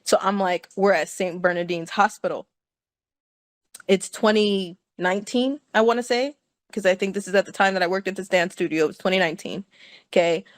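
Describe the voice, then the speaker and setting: A woman's voice: mid-range voice, brisk, dry recording. A woman telling a personal story to her listeners, chatty and laughing often and checking in with them. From California.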